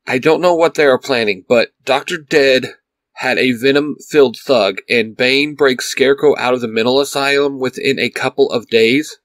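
A man voicing a steady, reassuring young male hero who talks casually and confidently, in an audio fan fiction reading. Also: medium pitch, normal speed, no echo, close to an everyday voice.

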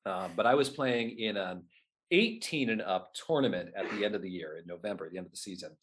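A man, a guest telling stories in an animated way and acting out his own past remarks. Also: on the low side, a little fast, a crowd in the background. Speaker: guest, whip performer at renaissance fairs. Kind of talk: casual interview storytelling.

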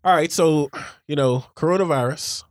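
A man's voice: on the high side, moderate pace, no room sound. A man co-hosting a podcast in laid-back, joking casual chat. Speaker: podcast co-host.

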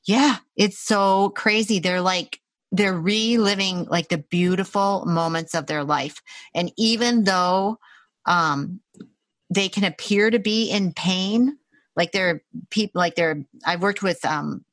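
Chatting casually, this woman, a Reiki practitioner and intuitive healer, shares a story with animated delivery, frequent laughter, and many fillers. She speaks slowly in a mid-range voice, recorded dry.

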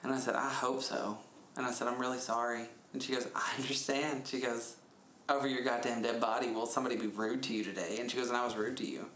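A man in his thirties telling a story in a casual chat, animated and laughing often, his pitch jumping up when he retells things. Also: fast talker. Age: 30s. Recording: echoey room with faint noise.

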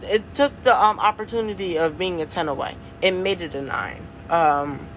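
A woman's voice: on the low side, moderate pace. Young woman podcaster, casual slangy chatter with easy laughs, faint noise underneath. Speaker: podcast host. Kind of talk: casual solo podcast chat.

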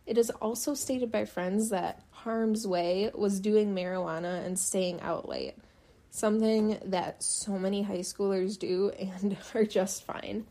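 A young woman telling a true-crime case in a loose, chatty way, full of "like" and "um". Her voice is mellow and warm rather than bright. She slips into dry sarcasm when something strikes her as wrong. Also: mid-range voice. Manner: sarcastic, chatty, frequent fillers. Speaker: podcast host. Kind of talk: casual true-crime narration.

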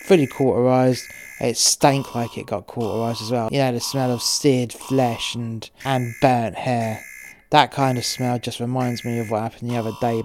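A man's voice: mid-range voice, fairly even intonation, moderate pace, a little hiss or hum. A man narrating a first-person crime story, swearing freely with rambling, wry asides.

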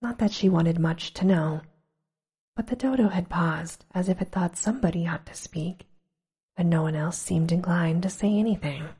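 A woman reading a storybook aloud in a hushed, slow whisper, as whispered role-play. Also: lowish voice, husky. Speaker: storybook reader.

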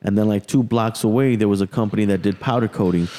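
A man's voice: fairly low pitch, fast talker, mellow. A man, the host of a podcast, telling a long and profane story in casual chat. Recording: long hall reverb.

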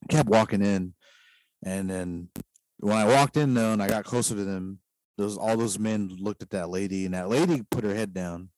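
A man's voice: lowish voice, moderate pace, a little mellow, dry recording, poor audio. A man casually telling a long story, rambling and filling his talk with "like". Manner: rambling, heavy use of "like" fillers.

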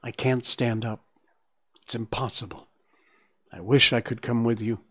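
A man voicing a weak young male fawn who speaks gently, quietly and earnestly. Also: medium pitch, steady tone, measured pace, no room sound. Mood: resigned.

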